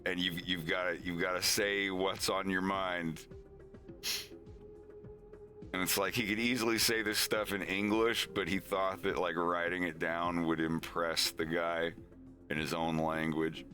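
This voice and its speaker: A man's voice: low voice, level tone, moderate pace, sharp tone, soft background music. A man chatting casually on a live stream, rambling with lots of fillers as he talks through his animation.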